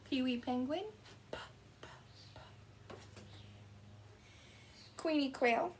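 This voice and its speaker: Woman preschool teacher, slow and sing-song, higher voice, faint hiss behind. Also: animated. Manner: slow, sing-song, demonstrating letter sounds. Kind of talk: children's circle-time lesson.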